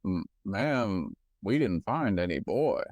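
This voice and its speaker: A man playing a stiff male police officer in a low, flat official tone, as a podcast bit. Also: slow, dry recording. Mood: formal.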